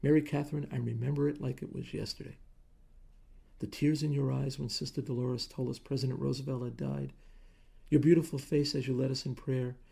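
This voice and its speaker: A man's voice: mid-range voice, level tone, fairly quick, gravelly, mellow, breathy edge. A man voicing an earnest middle-aged lawyer confessing his love in an audiobook story. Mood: earnest confession. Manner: earnest, heartfelt pleading. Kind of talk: audiobook character voice.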